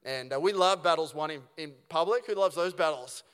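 A man preaches from a church stage, loose and conversational, firing off rhetorical questions and restarting his sentences as he goes. His voice is smooth and resonant and sits a little high for a man. The sound is carried by the long reverb of a church hall. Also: a little fast, fairly bright tone. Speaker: pastor. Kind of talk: sermon. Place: church auditorium.

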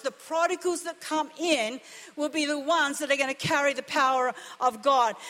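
A woman's voice: high-pitched, a bit bright. A woman pastor preaching a sermon with impassioned, emphatic delivery and repeated phrases. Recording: long reverb of a church hall.

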